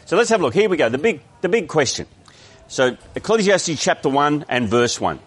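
A man's voice: a little high, big pitch swings, normal speed, breathy edge. A man with an Australian accent preaching a sermon, explaining a text in a conversational way with frequent restarts.

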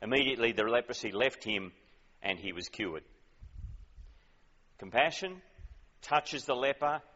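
Preacher in an echoing hall. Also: male voice, medium pitch, expressive, a little slow, long pauses, sharp tone, lo-fi sound. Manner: conversational, questioning, emphatic. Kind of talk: sermon.

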